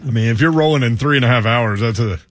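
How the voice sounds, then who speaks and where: A man hosting sports radio, joking and quick-witted at a studio microphone. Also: mid-range voice, no echo. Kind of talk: casual sports radio banter.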